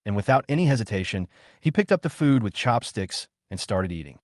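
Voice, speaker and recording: A man's voice: fairly low pitch, sing-song, a little fast, a little mellow, no room sound, studio quality. A man reading a scripted comic story recap as narrator.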